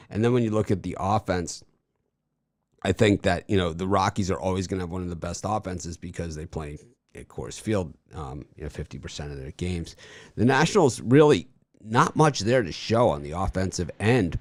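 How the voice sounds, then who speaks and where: A man hosting a sports betting show, chatting casually and rambling through stories with animated energy. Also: sits low, dry recording, studio quality.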